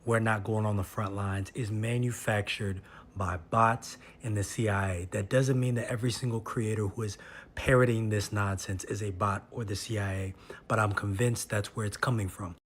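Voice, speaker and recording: A man's voice: lowish voice, steady tone, normal speed. A man hosting a news stream, giving firm, declarative opinion commentary. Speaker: stream host.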